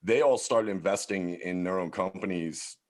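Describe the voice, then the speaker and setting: This low-voiced Philadelphia man, in his forties, speaks at normal speed as a guest on a podcast. His casual storytelling is loose and profane, packed with fillers.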